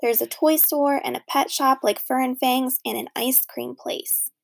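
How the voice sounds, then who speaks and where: A woman's voice: high-pitched, fairly even intonation, a little slow, gravelly, full character voice. A woman voicing a cheerful, coaxing mother in a storybook.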